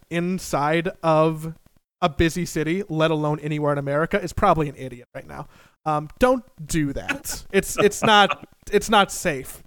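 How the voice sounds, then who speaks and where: A young man tells a funny personal story in an animated, profane and self-mocking way. His voice sits a little high and comes across smooth and clear. The sound is dry and close. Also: dry recording. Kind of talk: casual comedic storytelling.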